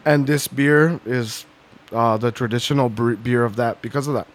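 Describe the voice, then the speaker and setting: A man's voice: mid-range voice, steady tone, normal speed. A man co-hosting a podcast in casual chat, rambling and swearing, often laughing. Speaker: podcast co-host.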